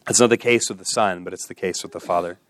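A man's voice: low-pitched, quick pace, no echo. A man preaching a sermon with passion, repeating phrases and building to exhortations. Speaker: pastor.

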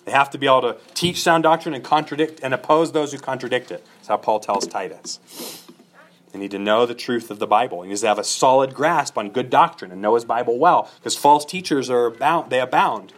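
A man's voice: medium pitch, fairly bright tone. A middle-aged man preaching an expository sermon, earnest and emphatic, building points through repeated lists. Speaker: pastor.

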